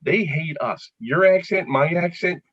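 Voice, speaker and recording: Man, Philadelphia accent, middle-aged, comedian guest, joke-telling, husky, dull lo-fi sound. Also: on the high side, lively intonation, a little slow, a bit bright, no room sound. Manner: joke-telling storyteller, laughs at his own lines. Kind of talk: casual chat.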